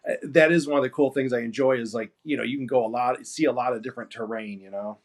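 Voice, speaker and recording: A man from the United States talks easily and at length on a livestream, filling his sentences with "like" and "you know". His voice sits at a middle pitch. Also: fairly even intonation, quick pace. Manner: easygoing, rambling, many fillers like "you know". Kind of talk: casual chat.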